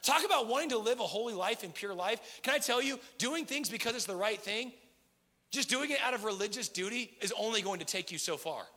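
A man's voice: very high-pitched, creaky, pushed and bright. A man in his thirties preaching a sermon as pastor, conversational and passionate, building to emphatic peaks. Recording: long hall reverb.

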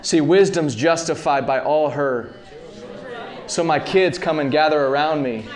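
A man in his thirties preaching a sermon, talking casually to the congregation and building to loud, impassioned peaks. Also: fairly high pitch, a little slow, a crowd in the background. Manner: rising to loud impassioned peaks, calls to the audience.

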